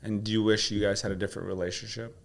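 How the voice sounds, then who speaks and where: A man's voice: on the low side, flat delivery, rapid-fire, creaky. A man coaching his host through questions, then telling a personal story with emotion. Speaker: guest coach.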